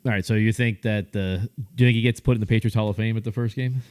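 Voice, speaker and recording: Fast-talking low-voiced podcast co-host. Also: male voice, steady tone, darkish tone. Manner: quick, joking questions and teasing. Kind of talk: casual sports chat.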